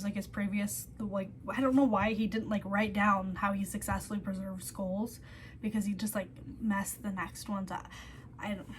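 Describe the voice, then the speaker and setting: A woman's voice: mid-range voice, fairly bright tone, slight background noise. A woman vlogger telling a true-crime story in a chatty way, full of "like", who drops to a whisper on the grim details.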